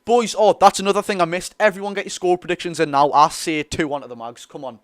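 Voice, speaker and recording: Studio-quality, dry audio captures a high-pitched, fast-talking young man with a Geordie accent from North East England. He's a football streamer hosting a live watch-along, chatty and excitable as he reads out viewers' messages.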